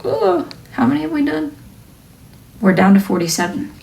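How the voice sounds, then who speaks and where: A young woman, a wood-burning artist, chatting casually on a live stream, joking and now and then dropping into a soft near-whisper. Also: high voice, big pitch swings, normal speed, creaky, loud music behind the voice.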